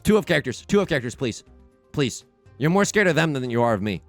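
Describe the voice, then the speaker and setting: A young man commentating his own game as he plays, anxious and pleading, often begging out loud and exclaiming. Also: mid-range voice, big pitch swings, quick pace, no echo, soft background music. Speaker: let's play host. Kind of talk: live gameplay commentary.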